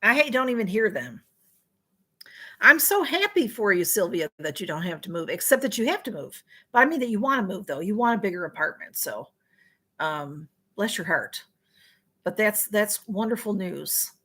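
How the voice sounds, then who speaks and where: A woman's voice: medium pitch, sing-song, moderate pace, a bit bright. Woman, livestream host, casual rambling chat with viewers, keeps apologizing for missing comments.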